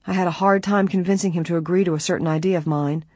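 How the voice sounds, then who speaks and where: A woman reading aloud gives voice to an earnest young bride who runs an old inn, talking in a confiding, worried way. The voice has a slightly husky edge and sits close and dry, with no room around it. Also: fairly low pitch, steady tone, fast, darkish tone, dry recording.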